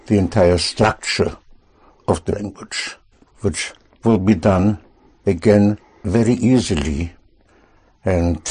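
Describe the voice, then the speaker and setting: A man teaching a language lesson to students, speaking slowly and patiently, prompting and correcting them. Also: low voice, darkish tone, breathy edge. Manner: slow, patient, reassuring, repeats and corrects.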